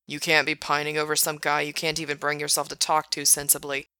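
A woman voicing a blunt young man who teases his friend in a deadpan, mocking way. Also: deep voice, brisk, smooth, no room sound. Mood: teasing. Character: blunt teasing young man, laid-back buddy.

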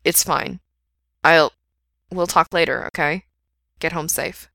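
A woman's voice: deep voice, slow pace, gravelly, bright, forceful tone, no echo, clean studio sound, exaggerated voice. A woman voicing an anxious young man who pleads and apologizes, read aloud from a story. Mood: flustered. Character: anxious young man turning down two friends.

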